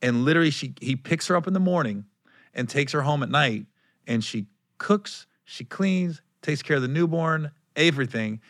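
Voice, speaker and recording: Bright punchy guy telling a story, voice all over the place, does funny high voices for quotes. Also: normal speed, no echo, studio quality. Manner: lively, acts out quotes in high put-on voices. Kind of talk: casual storytelling chat.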